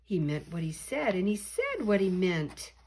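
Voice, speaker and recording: Lively older woman reading a picture book. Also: medium pitch, unhurried, slight background noise. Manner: lively, expressive, rhyming read-aloud. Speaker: storyteller.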